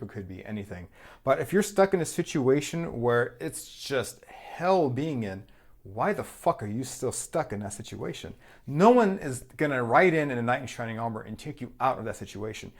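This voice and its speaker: Rambling, casually swearing tarot reader man. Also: mid-range voice. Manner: loose and rambling, swears freely, repeats phrases. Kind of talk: casual spoken tarot reading.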